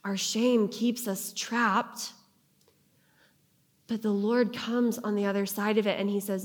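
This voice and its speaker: A woman giving a sermon, earnest, slowing down and pausing to stress key phrases. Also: mid-range voice, fairly even intonation. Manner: earnest, with slow emphatic pauses on key phrases. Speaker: speaker giving a devotional talk.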